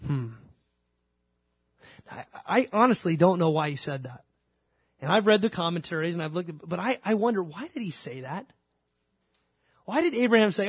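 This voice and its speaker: A man's voice: sits high, animated, fairly quick, pauses often, husky, dry recording, clean studio sound. A man preaching a sermon, telling stories and acting out biblical dialogue. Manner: storytelling, acts out biblical dialogue. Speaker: pastor.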